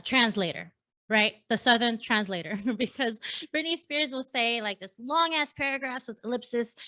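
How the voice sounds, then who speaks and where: A woman in her thirties from San Diego hosting a casual panel chat, telling stories in a chatty, animated way. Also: medium pitch. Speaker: host.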